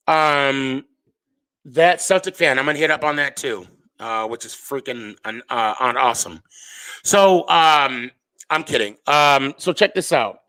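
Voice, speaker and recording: A man's voice: on the high side, sharp tone. A man hosting a live stream, chatting casually, reading viewer comments and rambling through jokes. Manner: rambling, joking, self-interrupting.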